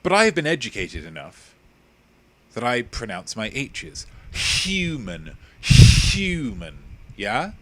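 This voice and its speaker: A man hosts a live-streamed quiz, reading questions and bantering with his viewers. He plays it mock-pompous and teasing, his pitch leaping up and down with lively swings. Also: moderate pace. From England. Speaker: quiz host.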